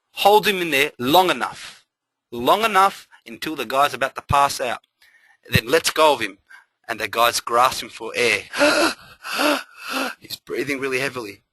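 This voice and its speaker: A man running a live trading webinar, talking with bright, forceful energy. He drives his points home by repeating phrases in a motivational rush. The sound is close and dry, with almost no room around it. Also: mid-range voice, lively intonation, normal speed, no room sound, low-quality recording.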